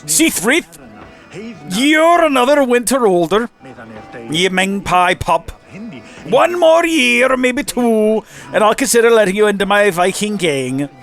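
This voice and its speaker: A man's voice: sits high, sing-song, a little slow, fairly bright tone, soft background music, pitched above the performer's own voice, full character voice. A man voicing a sneering male Viking gang bully while reading a letter aloud. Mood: mocking.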